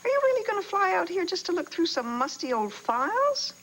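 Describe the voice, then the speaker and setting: An actress in a 1980s soap opera playing a hesitant former records keeper who hedges and stalls. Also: female voice, extremely high pitch, big pitch swings, brisk, a bit bright, slight background noise, full character voice, low-quality recording. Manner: hesitant, hedging.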